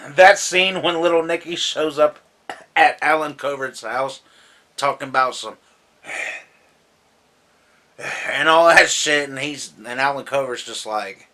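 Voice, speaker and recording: A man's voice: on the high side, unhurried, pauses often, bright, forceful tone. A man who says he is drunk, casually counting down his favorite comedies in a loose, rambling, profane way, laughing often. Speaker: movie vlogger.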